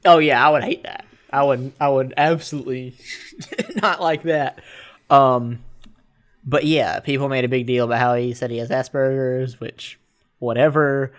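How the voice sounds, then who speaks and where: A man's voice: mid-range voice, moderate pace. Sarcastic man joking between laughs. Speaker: podcast co-host. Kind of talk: casual chat.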